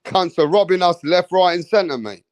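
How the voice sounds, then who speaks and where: An English man rants about boxing in an animated, profane, comedic way, swearing constantly and dropping into mocking impressions. His voice sits fairly high for a man, and the recording is dry and close. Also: moderate pace, no echo, muffled recording. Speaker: boxing commentator.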